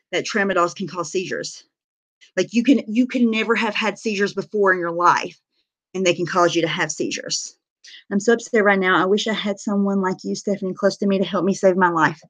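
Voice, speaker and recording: A woman livestreaming to her chat. She talks candidly about her own life, swears freely and uses lots of fillers. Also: medium pitch. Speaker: livestreamer sharing her recovery story. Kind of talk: casual livestream talk answering chat.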